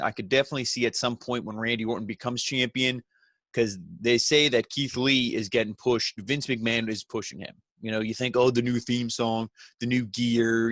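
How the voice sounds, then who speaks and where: A man's voice: medium pitch, a bit bright, no echo, studio quality. Rambling man recapping a show. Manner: rambling, lots of "you know", acts out quoted lines. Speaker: wrestling show reviewer.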